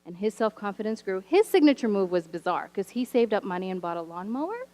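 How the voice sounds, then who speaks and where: A woman teacher telling stories from her classroom in a church sermon, animated and wry, with humorous asides. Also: medium pitch, fast talker, rough recording. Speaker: teacher sharing a story from the pulpit. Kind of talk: storytelling sermon. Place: church sanctuary.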